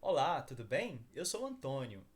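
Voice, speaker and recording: A man's voice: a little high, big pitch swings, a little fast. A man reading a textbook dialog, voicing Antonio, an Italian man traveling, in his own voice. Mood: friendly.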